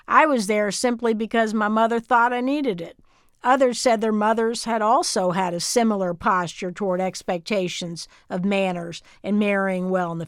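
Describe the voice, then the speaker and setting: A woman from Texas reading her memoir as scripted audiobook narration, in a measured, even storytelling manner. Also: medium pitch, smooth, no room sound, studio quality.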